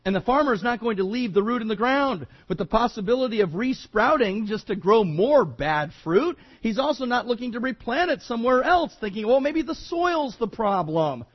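A man's voice: very high voice, expressive, fairly quick, hardly any pauses, slightly rough, lo-fi sound. A male preacher giving a verse-by-verse sermon in an emphatic, conversational way, often repeating himself.

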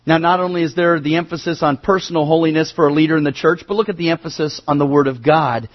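A man preaching a sermon as pastor, earnest, swinging between emphatic rises and low quiet drops. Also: fairly even intonation, fast, highs cut off.

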